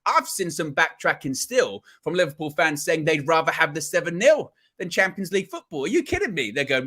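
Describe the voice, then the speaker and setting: A man's voice: a little high, very animated, brisk, hardly any pauses, bright, forceful tone. A man hosting a live football fan show, talking emphatically and repeating phrases for effect. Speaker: host of a football fan channel livestream. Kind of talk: live post-match fan reaction show.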